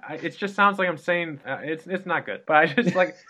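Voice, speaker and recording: A man's voice: on the high side, fairly quick, bright, forceful tone. A man hosting a casual podcast interview, friendly and rambling, who laughs often. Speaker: podcast host.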